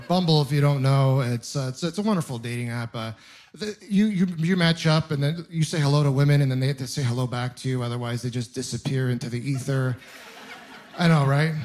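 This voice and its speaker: Self-deprecating stand-up comedian, a man. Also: fairly high pitch. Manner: self-deprecating, rambling with restarts and exaggeration.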